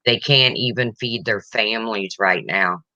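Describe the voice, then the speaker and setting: Woman on a livestream, bright tone, dry close sound, gets emotional reading chat. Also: extremely low pitch, a little slow, no echo, lo-fi sound. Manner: emotional, reads chat comments aloud. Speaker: livestream host.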